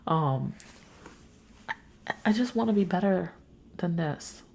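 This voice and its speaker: Weary, raspy woman venting late at night. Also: lowish voice, animated, slow, long pauses, darkish tone. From New York. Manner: weary, frank and profane. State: sick, congested. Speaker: podcast host. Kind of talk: casual solo podcast venting.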